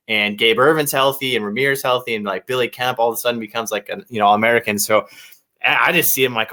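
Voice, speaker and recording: A man co-hosting a sports podcast in casual chat, talking with gushing, excitable fan enthusiasm. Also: medium pitch, fast. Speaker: podcast co-host.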